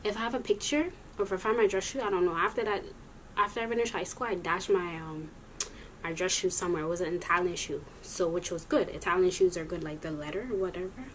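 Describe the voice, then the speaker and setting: A young adult woman telling a story in a casual vlog, rambling and animated, often correcting herself as she goes. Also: lowish voice, quick pace, a little hiss or hum. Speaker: vlogger.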